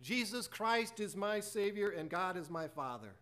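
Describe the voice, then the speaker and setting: A preacher telling a personal story in a sermon, acting out both sides of a conversation and reciting hymn lyrics. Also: male voice, high voice, normal speed. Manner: animated storyteller acting out dialogue.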